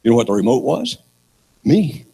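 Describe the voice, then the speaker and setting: Animated, gravelly older man preaching. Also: medium pitch, moderate pace, a crowd in the background. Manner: storytelling with sarcastic humor, acting out characters. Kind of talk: sermon.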